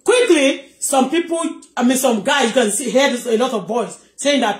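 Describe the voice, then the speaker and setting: Emphatic Nigerian woman, high voice. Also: expressive, normal speed, hardly any pauses, roomy sound. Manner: emphatic, repetitive, keeps asking "you understand?". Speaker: celebrity gossip vlogger. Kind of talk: heated commentary.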